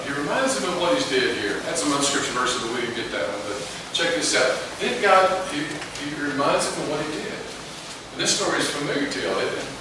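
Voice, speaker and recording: Folksy preacher in an echoey church. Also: male voice, mid-range voice. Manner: folksy, animated, asks the congregation questions. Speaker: pastor. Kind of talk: sermon. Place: church sanctuary. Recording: echoey room, distant mic, background noise.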